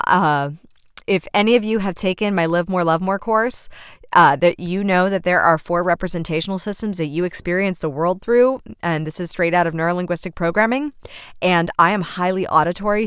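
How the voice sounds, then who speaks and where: A woman hosting a podcast, telling a personal story in a chatty, animated way, full of fillers and self-corrections. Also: fairly low pitch, clean tone, no room sound, clean studio sound. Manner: animated, vivid storyteller who acts out scenes. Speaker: podcast host and coach. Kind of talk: casual storytelling monologue.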